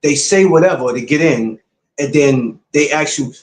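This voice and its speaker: A man's voice: fairly high pitch, normal speed, echoey room, a little hiss or hum. A man hosting his podcast, talking casually and bluntly to his viewers, repeating his points like a lecture. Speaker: podcast host. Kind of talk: casual livestream talk to viewers.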